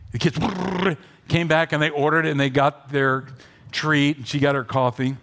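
A man pastor preaching a sermon, telling a story with animated swings between loud urging and quiet asides. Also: on the high side, a little slow.

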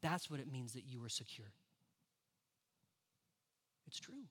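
A man's voice: fairly high pitch, very animated, measured pace, long pauses, slightly rough. Fields: Sex: man. Role: pastor. Style: conversational sermon. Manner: conversational, addresses the congregation directly.

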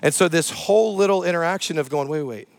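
A man preaching a sermon as pastor, telling a Bible story in a conversational, animated way with casual asides. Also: high voice, fast talker, vocal fry.

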